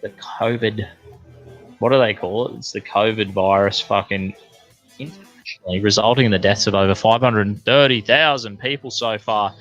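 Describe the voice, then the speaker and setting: An Australian man rambles through a profane, casual rant, full of fillers and tangents. His voice sits low but sounds bright and forceful. Quiet music plays faintly behind him. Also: steady tone, normal speed, muffled recording. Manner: swears constantly, rambling with many fillers.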